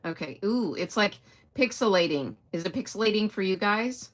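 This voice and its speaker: A woman's voice: medium pitch, expressive, moderate pace. A middle-aged woman chatting casually on a live stream, greeting viewers by name and trailing off with fillers. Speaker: livestream host.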